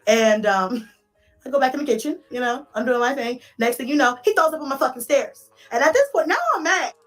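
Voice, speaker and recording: Animated high-voiced woman telling mom stories. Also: fairly quick, faint music behind. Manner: animated, swearing, laughing while telling stories. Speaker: mother vlogger. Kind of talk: casual storytelling vlog.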